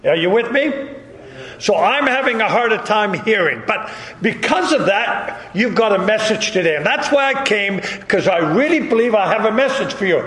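A man's voice: high voice, animated, moderate pace, a bit bright. A man preaching a sermon in a church. He speaks emphatically and keeps repeating rhetorical questions. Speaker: pastor. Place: church sanctuary. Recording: echoey hall with long reverb.

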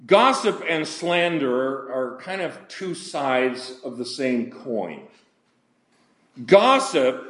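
Slow, deliberate older male preacher. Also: medium pitch, lively intonation, echoey room. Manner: deliberate, slowing and dropping for emphasis. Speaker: pastor. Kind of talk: sermon.

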